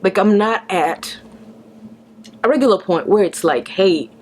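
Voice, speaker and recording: A woman retelling a painful experience, halting and restarting, with whispered quotes. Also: medium pitch, expressive, a little mellow, a little hiss or hum. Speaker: vlogger. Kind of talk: emotional personal story.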